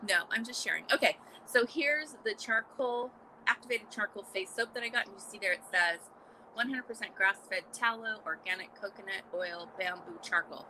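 A woman hosting a casual live morning chat, exclamatory and chatty, with a scratchy throat she keeps clearing. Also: mid-range voice, normal speed, sharp tone. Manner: chatty, exclamatory, frequent little laughs. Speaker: podcast host.

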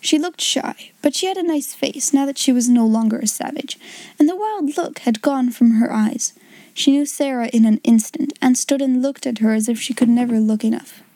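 A woman reads a storybook aloud in a calm, measured way. Her voice sits a little high but sounds mellow and soft, recorded close and dry. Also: dry recording. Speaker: narrator. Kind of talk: storybook reading.

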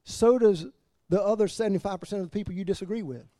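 A man preaching as pastor, animated, laughing between points and dropping to quiet emphasis. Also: sits high, fast. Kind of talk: sermon.

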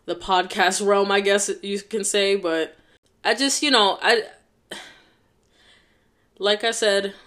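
A woman's voice: mid-range voice, takes it slowly, long pauses, fairly bright tone. A young woman hosting a casual solo podcast, talking in a heartfelt, rambling way full of fillers. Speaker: podcast host.

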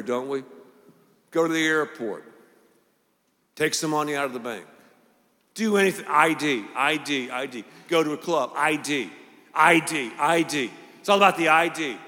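A male pastor preaching a sermon with animated energy, acting out voices and hammering points with punchy repetition. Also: a little high. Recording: long reverb of a large hall.

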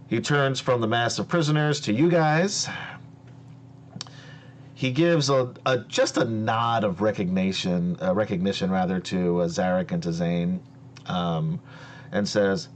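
Slow, deep-voiced male game master. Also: fairly even intonation, a little hiss or hum. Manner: slow, hesitant narration with many fillers. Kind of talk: narrating a tabletop game.

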